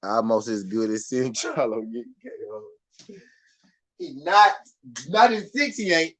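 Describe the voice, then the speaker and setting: A man with a Southern US accent hosting a casual live boxing chat, animated and repetitive, swinging from muttering to loud outbursts. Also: mid-range voice, a little slow. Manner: animated, swings from muttered to shouted, laughs often, repeats himself. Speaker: boxing show host.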